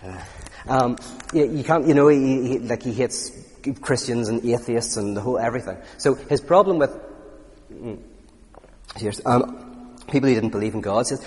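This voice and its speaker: A man's voice: mid-range voice, normal speed, pauses often, a little mellow. A man giving a conversational talk on philosophy and faith, full of anecdotes, fillers and restarts. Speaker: speaker. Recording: reverberant hall.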